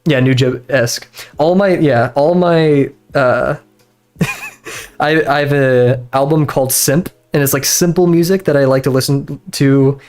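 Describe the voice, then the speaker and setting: A mid-range, darkish voice at a moderate pace belongs to a young man chatting while he draws, streaming from his bedroom at home. His loose talk drifts around, with many fillers, restarts and laughs.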